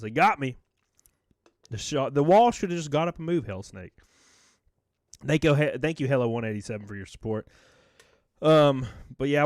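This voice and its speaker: A man's voice: medium pitch, no room sound. Casual joking male streamer, dry sound. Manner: rambling, joking, swears freely, thanks viewers warmly. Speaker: live streamer. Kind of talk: casual live-stream chat, reading viewer messages.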